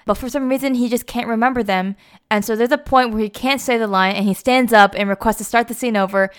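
A woman's voice: a little high, fairly even intonation, fast, clean tone. A young adult woman casually retelling a story, chatty and full of fillers like "like" and "you know".

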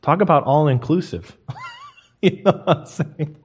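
A young man preaching a sermon, emphatic and lively, swinging from quiet to loud. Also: a little high, moderate pace, breathy edge. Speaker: pastor.

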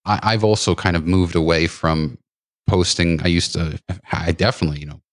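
A man's voice: low-pitched, fairly even intonation, moderate pace, no echo. A man hosting a podcast, chatting casually with a guest in a rambling way full of restarts and fillers. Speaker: podcast host. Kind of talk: casual interview chat.

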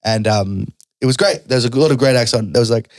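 Fast-talking Australian comedian man. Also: mid-range voice, no echo, clean studio sound. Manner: fast, animated, swears freely. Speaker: stand-up comedian guest. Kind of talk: casual podcast chat.

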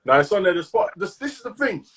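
Man, London accent, husky, fairly high voice, casual podcast banter. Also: fast talker. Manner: animated slang-heavy banter, hyping listeners. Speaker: podcast co-host. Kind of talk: casual chat.

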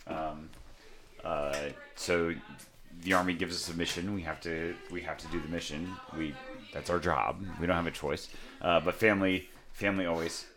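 Deep-voiced casual young man. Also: steady tone, moderate pace, a bit bright. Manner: laid-back storyteller, swears, laughs often. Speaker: podcast co-host. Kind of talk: casual chat.

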